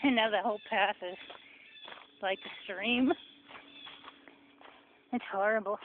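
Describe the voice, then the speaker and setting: A woman vlogger takes a forest path at a slow pace, her mid-range voice carrying a New Jersey accent as she rambles sarcastically in a casual vlog. The audio is faintly noisy and tinny, like a phone.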